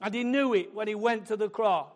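A man preaching a sermon, building fervently into loud, emphatic declarations. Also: high voice, a little fast.

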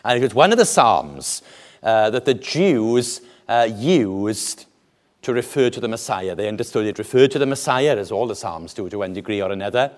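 A man preaching a sermon with an animated, deliberate delivery and dramatic pauses. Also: mid-range voice.

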